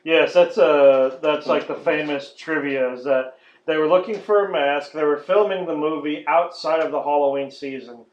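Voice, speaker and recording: A podcast host rants and swears through casual chat, mocking what annoys him. His voice sits a bit high for a man. The recording is dull and lo-fi, with a roomy echo around him. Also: moderate pace. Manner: profane, ranting, mocking impressions. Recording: echoey lo-fi room recording.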